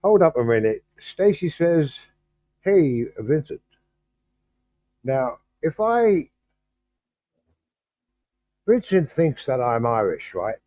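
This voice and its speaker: A man hosts a loose livestream chat, his voice jumping up and down in pitch as he stops and restarts his sentences. He talks slowly and sounds distracted. The sound is thin and phone-like, with no room echo. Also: sing-song. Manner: halting and distracted, many restarts while fiddling with stream settings. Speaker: livestream host. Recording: thin phone-like video-call audio.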